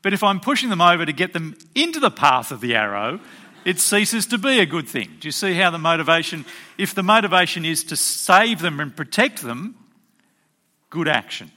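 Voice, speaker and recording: A man delivers a sermon from the pulpit, his voice bright and forceful. His pitch sits a little high and swings widely as he presses his congregation with rhetorical questions. He is emphatic and teacherly throughout. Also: big pitch swings, moderate pace. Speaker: pastor.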